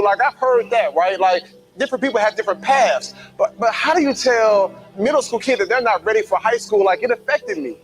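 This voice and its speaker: A man giving a motivational talk, telling his own life story with lively acted-out quotes. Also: high-pitched, a little fast, low-quality recording. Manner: animated, acts out quoted voices. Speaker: motivational speaker.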